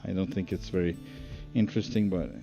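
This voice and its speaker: A man's voice: sits low, steady tone, a little fast, vocal fry, muffled recording. A man streaming a driving game, chatting casually and thinking aloud with many fillers. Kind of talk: casual live-stream commentary. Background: music.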